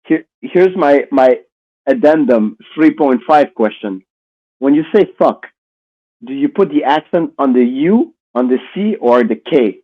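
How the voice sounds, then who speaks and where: A man's voice: medium pitch, animated, a little slow, lo-fi sound. A man co-hosting a casual podcast, teasing and joking crudely with his partner. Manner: teasing, crude jokes, playful. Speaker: podcast co-host.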